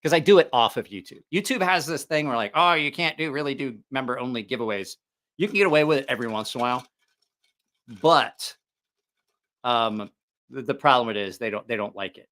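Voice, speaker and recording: Rambling bright-voiced male livestream host. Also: mid-range voice, a little fast. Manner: rambling, with many fillers and restarts. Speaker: knife channel host. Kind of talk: casual livestream chat.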